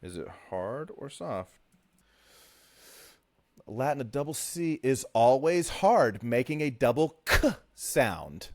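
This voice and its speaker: A man's voice: mid-range voice, big pitch swings, slow pace. A man co-hosting a podcast, chatting casually about a book, opinionated, often restarting his sentences and mimicking characters. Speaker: podcast co-host. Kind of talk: casual book discussion chat.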